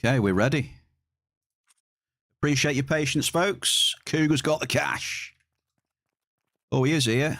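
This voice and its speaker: A man's voice: mid-range voice, a little slow, long pauses, a bit bright, dry recording, clean studio sound. A man giving live game stream commentary, teasing his chat in a playful, bantering way.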